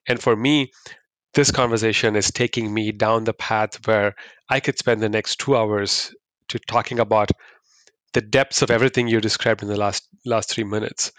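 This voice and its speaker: A man hosting a podcast, reflecting slowly and haltingly and often restarting his sentences. His voice sits low, and the recording is dry and close. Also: fairly even intonation, fairly bright tone, no echo. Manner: thoughtful, halting, with frequent restarts.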